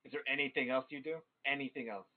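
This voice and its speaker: A man's voice: mid-range voice, steady tone, quick pace. A man running a tabletop game as game master, narrating in a casual, profane way. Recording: tinny phone-like mic.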